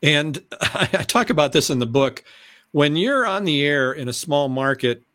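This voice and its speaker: A middle-aged man, a former TV announcer and weatherman, telling stories as an interview guest, animated and often clearing his throat. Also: normal speed, no room sound, clean studio sound. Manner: animated, acts out excited voices in a high pitch. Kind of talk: conversational storytelling.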